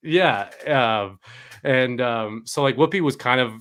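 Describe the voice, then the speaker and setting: A man's voice: mid-range voice, unhurried, a bit bright, clear, resonant tone. A man from Spain co-hosting a casual political chat podcast, explaining things in a rambling, conversational way full of asides. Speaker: podcast co-host.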